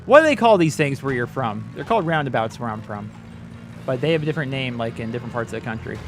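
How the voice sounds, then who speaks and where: A man's voice: mid-range voice, lively intonation, fast talker, faint music behind. A man giving rambling, chatty commentary while playing a game, often exclaiming at it as he goes. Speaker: gaming channel host. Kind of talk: casual let's-play commentary.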